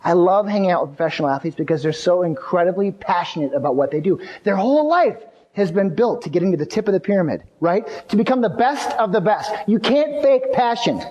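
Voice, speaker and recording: High-voiced man giving an energetic keynote. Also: brisk, lo-fi sound. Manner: energetic storytelling with asides to the audience. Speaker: motivational keynote speaker. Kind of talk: live motivational keynote speech. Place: large venue before an audience. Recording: long hall reverb.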